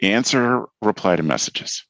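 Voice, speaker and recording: A man's voice: fairly low pitch, expressive, unhurried, fairly bright tone, no echo. A man in his thirties hosting a podcast, chatting candidly and telling stories with a frank, mildly profane edge. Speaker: podcast host. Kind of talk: casual podcast chat.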